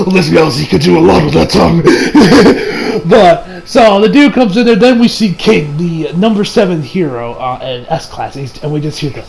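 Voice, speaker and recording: A man's voice: high voice, vocal fry, poor audio. A young man casually recapping an anime episode, rambling with lots of fillers and laughs. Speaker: anime reviewer.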